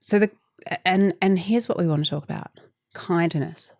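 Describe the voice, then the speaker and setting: A woman's voice: fairly low pitch, normal speed, a little mellow, no room sound. An Australian woman co-hosting a podcast in casual chat, with dry, teasing banter. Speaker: podcast co-host.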